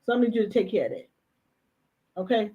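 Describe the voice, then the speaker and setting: A woman's voice: medium pitch, very animated, a little fast, phone-quality sound. A woman hosting a casual live chat show, talking emphatically and repeating her phrases. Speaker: host.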